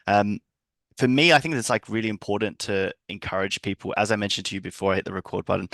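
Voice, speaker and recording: A man's voice: on the low side, steady tone, fast, vocal fry, fairly bright tone, no echo. A man hosting a podcast, asking questions in a loose, hesitant way with fillers and restarts. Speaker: podcast host. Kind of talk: casual podcast conversation.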